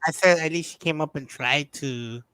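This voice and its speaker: A woman's voice: low voice, moderate pace, a bit bright, smooth, no echo. A woman hosting a casual chat, playful and eager to jump in. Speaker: stream host.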